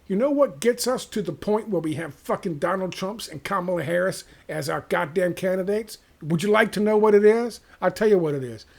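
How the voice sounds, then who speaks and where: Exasperated, foul-mouthed male vlogger, slightly high, raspy voice. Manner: profane, exasperated, sarcastic. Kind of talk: ranting monologue to camera.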